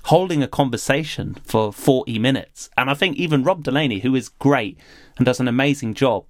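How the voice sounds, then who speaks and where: A man's voice: medium pitch, a little fast, no room sound, studio quality. A man, co-hosting a podcast, talking thoughtfully and animatedly with some laughter. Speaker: podcast co-host. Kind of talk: casual podcast review chat.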